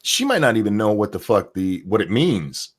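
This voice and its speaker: A man's voice: on the low side, big pitch swings, moderate pace, slightly rough. A man hosting a podcast, talking in a casual, profane, rambling way about the news. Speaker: podcast host. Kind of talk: casual opinion chat.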